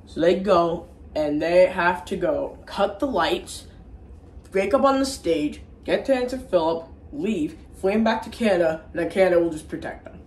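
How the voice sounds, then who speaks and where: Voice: mid-range voice, lively intonation, normal speed, a little mellow, far from the mic. A casual online reviewer recapping a movie in a rambling, crude and profane way, with frequent restarts. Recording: roomy echo, faint background ambience.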